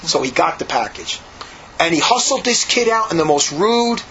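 A man's voice: fairly high pitch, big pitch swings, normal speed, highs cut off, crowd noise. A man, a monk, telling a rambling story in a casual way, with frequent repeats and restarts. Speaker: monk recounting monastery life.

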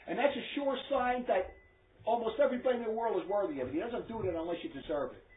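A man with a high-pitched voice preaches quickly to a small group, blunt, emphatic and scolding. The recording is echoey and tinny, like a phone.

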